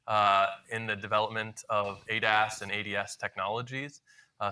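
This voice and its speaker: A man on a panel speaks in a low, very bright voice with almost no change in pitch. His delivery is measured and formal, with light fillers. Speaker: policy panelist. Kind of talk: panel discussion answer.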